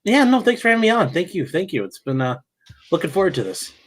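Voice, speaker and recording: A man's voice: high voice, big pitch swings, fast. A man talking as a guest on a podcast, casual chat, blunt and opinionated, often repeating words as he starts. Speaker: guest, legal commentator.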